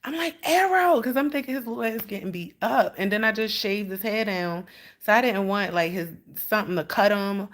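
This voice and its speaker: A woman's voice: medium pitch, fairly quick. A woman chatting on a livestream, rambling and swearing freely as she tells stories. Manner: rambling, profane storytelling with lots of "like". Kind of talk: casual livestream chat.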